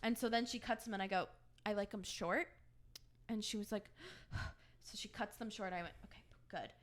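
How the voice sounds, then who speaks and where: A woman's voice: mid-range voice, a little fast. Woman telling a story, acting out quotes. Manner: animated storyteller who acts out quoted dialogue. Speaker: podcast co-host. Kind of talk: casual storytelling chat.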